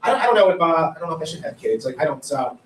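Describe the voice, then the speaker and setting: A high, lively man from Ohio tells his stand-up stories in a rambling way and laughs along with his own jokes. He sounds a little far from the mic in a roomy, echoing venue. There is steady noise behind him. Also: very fast. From Ohio, USA. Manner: rambling storytelling with frequent laughs. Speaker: stand-up comedian. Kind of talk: stand-up comedy set. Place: comedy club stage with audience. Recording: roomy, distant live venue recording.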